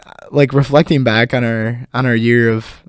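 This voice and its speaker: A young man co-hosting a college radio talk show in casual chat, relaxed and full of fillers. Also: mid-range voice, moderate pace, clear, resonant tone, no room sound, studio quality. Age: young adult. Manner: relaxed, filler-heavy, laughs often. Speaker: co-host.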